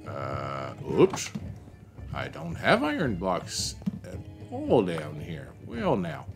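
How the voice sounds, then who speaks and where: A man's voice: low voice, huge pitch swings, takes it slowly, gravelly, over loud music. A man streaming a game, rambling to himself and greeting chat as he plays. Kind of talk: casual gameplay commentary.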